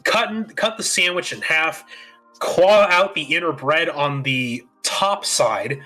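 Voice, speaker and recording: A man's voice: fairly high pitch, slow, sharp tone, soft background music. A man co-hosting a podcast in casual chat, rambling with fillers and the odd swear word. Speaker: podcast co-host.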